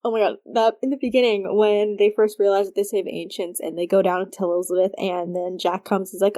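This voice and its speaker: A woman's voice: medium pitch, normal speed, dark tone. A woman co-hosting a fan podcast in casual chat, laughing often and filling her talk with "like". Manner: laughing, lots of fillers. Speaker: podcast co-host.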